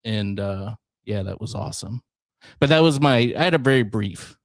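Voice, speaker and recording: A man's voice: lowish voice, expressive, moderate pace, no room sound, clean studio sound. A man in his thirties, co-hosting a casual talk show and telling a story with frequent laughs. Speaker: podcast co-host. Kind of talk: casual chat.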